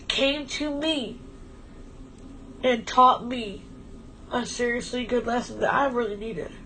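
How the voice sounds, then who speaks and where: Stream co-host, woman, a bit high-pitched, emotional and rambling, heartfelt casual talk, faint hiss behind. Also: a bit bright, low-quality recording. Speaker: livestream co-host.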